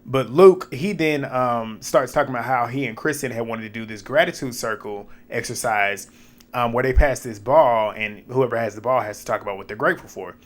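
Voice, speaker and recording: A man talks through a reality show episode in casual recap style. His pitch sits mid-range, and he is animated and opinionated, laughing often and jumping into high mocking quotes. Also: a little fast.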